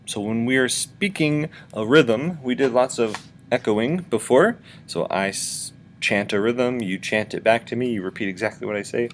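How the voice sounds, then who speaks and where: A man's voice: mid-range voice, normal speed, a little hiss or hum. A man teaching a virtual music lesson for children, patiently explaining and chanting rhythm syllables.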